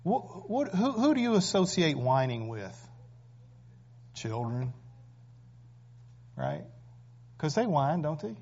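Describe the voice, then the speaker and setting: A man's voice: a little high, sing-song, slow, creaky, long pauses, darkish tone. A man preaching a sermon, emphatic and full of rhetorical questions. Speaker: pastor. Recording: dull lo-fi recording.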